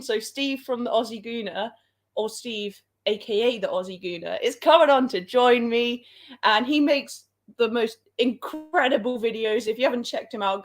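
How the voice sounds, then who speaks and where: A young woman hosting a football livestream, dramatic and laughing often. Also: sits high. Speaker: livestream host. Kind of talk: excited livestream chat.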